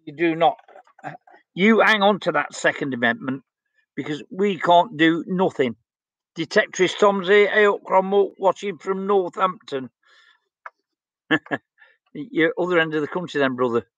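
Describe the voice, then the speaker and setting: A man's voice: fairly high pitch, measured pace, long pauses, a bit bright, no echo, highs cut off. A blunt, outspoken man, chatting casually as he reads out viewer comments on his stream. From England. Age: 60s. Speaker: livestream host.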